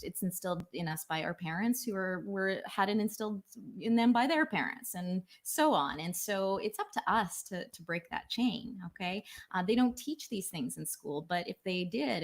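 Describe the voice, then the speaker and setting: A middle-aged woman, a life coach, giving a casual livestream talk with lots of fillers and restarts. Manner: acts out quoted voices with big pitch jumps.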